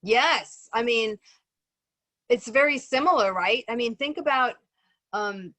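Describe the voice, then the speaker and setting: This woman's voice is a little high with a sharp edge, and she takes her time. She's facilitating a relaxed group chat over video, full of ums and checking in with "right?" The audio carries no room sound.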